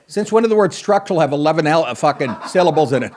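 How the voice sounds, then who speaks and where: Swearing comedian host rambling on, lively up-and-down voice, a bit high. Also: male voice, fairly quick, long pauses. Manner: profane, rambling, sarcastic. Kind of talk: casual comedic podcast monologue.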